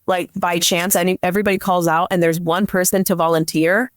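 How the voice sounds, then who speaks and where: A woman's voice: fairly low pitch, little pitch movement, a little fast, no echo, studio quality. A young woman, a police dispatcher, telling a story in casual chat and leaning on "like" constantly. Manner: chatty, leans on "like" constantly. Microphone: podcast microphone.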